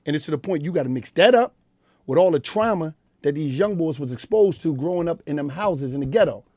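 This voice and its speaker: Middle-aged Philadelphia man, rapid blunt talker, dry studio sound. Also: a little high, animated, warm tone, no room sound. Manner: blunt, profane street storytelling. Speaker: guest. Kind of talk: candid interview talk. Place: radio studio.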